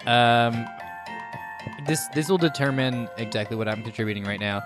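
A man's voice: medium pitch, normal speed, over music. A man running an improvised tabletop game as game master, upbeat and full of ums. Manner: upbeat, hesitant with many ums.

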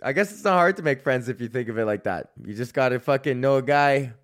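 Man, podcast host, solo comedic rant, profane, rambling, restarts his sentences, medium pitch. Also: animated, quick pace. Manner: profane, rambling, self-interrupting.

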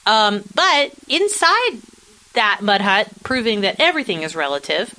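Bright-voiced chatty woman recapping. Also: medium pitch, measured pace, poor audio. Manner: animated, chatty, acts out quotes of characters. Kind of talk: casual chat recapping a TV episode.

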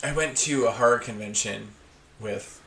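Bright-voiced wry young man. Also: medium pitch, normal speed, gravelly, slight background noise. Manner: wry, laughing storyteller who drifts into side comments. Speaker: podcast co-host. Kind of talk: casual chat.

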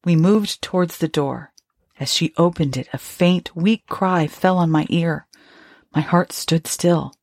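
A woman narrating a story in a measured, somber way, with a husky voice. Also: lowish voice, darkish tone, dry recording, clean studio sound. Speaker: audiobook narrator.

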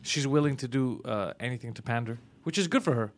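A man's voice: mid-range voice, quick pace. A man hosting a casual comedy podcast in a studio, joking and laughing often as he talks. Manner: laughs often, jokey impressions of others. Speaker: podcast host.

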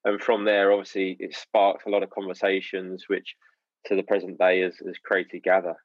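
A man's voice: deep voice, monotone, normal speed, dry recording, lo-fi sound. A man who is a guest on a podcast, reflectively telling how his project began. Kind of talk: casual podcast chat.

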